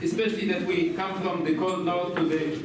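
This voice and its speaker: A man chairing a conference session, introducing the next speakers with a joking, slightly halting manner, caught by a distant mic in a lecture hall. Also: high voice, flat delivery. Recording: echoey hall from far off, loud crowd and noise.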